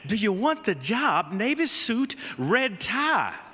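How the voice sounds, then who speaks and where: A man's voice: high voice, big pitch swings, moderate pace, bright, forceful tone, breathy edge, pitched above the performer's own voice, heavily acted. A man imitating a curt older Southern coach. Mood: stern. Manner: curt, repeating orders. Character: stern older male head coach, Southern drawl. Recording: long reverb of a large hall.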